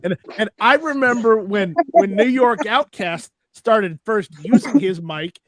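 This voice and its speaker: A man's voice: high voice, animated, measured pace, rough recording. Chatty man telling old stories. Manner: storytelling, laughs often, stammers on restarts. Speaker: host. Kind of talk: casual chat.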